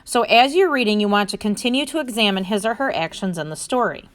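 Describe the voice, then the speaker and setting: A woman's voice: medium pitch, expressive, quick pace, fairly bright tone. A woman teacher reading a story aloud and explaining a reading lesson, using explanatory fillers like "so basically".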